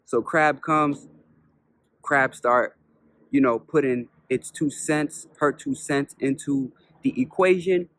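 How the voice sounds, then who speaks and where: A man who is a spiritual teacher, telling a parable as a lesson in an unhurried way, repeating points and asking rhetorical questions. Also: mid-range voice, fairly even intonation, a bit bright, no echo, studio quality. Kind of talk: storytelling lesson.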